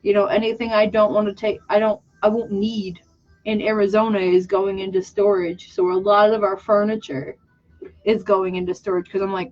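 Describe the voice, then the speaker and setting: A young woman chats casually to her viewers while she works on a drawing. She rambles candidly and pokes fun at herself, stops and restarts her sentences, and sounds a little teary. Her voice sits at a middling pitch, and the audio is slightly muffled and lo-fi. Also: flat delivery, normal speed, a little mellow, soft background music. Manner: rambling, candid, self-mocking, with many restarts. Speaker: vlogger and artist.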